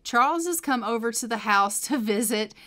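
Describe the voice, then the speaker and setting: A woman's voice: a little high, animated, moderate pace, a bit bright. A young adult woman narrating a life-simulation game in a casual storytelling way, with frequent fillers. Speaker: let's play narrator.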